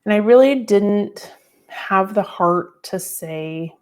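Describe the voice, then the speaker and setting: A middle-aged woman hosting a podcast, telling a personal story in a reflective, unhurried way with many fillers. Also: medium pitch, animated. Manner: reflective, tearful at times, with fillers. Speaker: podcast host.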